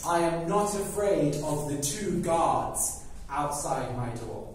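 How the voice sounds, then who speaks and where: A teacher acting as a loud boastful tailor. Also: male voice, a little high, lively intonation. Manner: loud and emphatic, declaiming slowly. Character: boastful brave little tailor, a man, defiant. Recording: very echoey room, mic far off, faint background noise.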